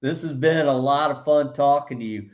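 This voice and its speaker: A man's voice: medium pitch, normal speed, lo-fi sound. Upbeat male podcast host. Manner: enthusiastic and laughs easily. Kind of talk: casual interview chat.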